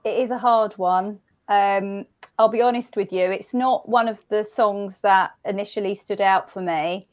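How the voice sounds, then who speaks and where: Female panelist, chatty and hesitant, mid pitch, dull lo-fi remote sound. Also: a little slow. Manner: hesitant, chatty, lots of hedging. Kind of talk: casual panel discussion.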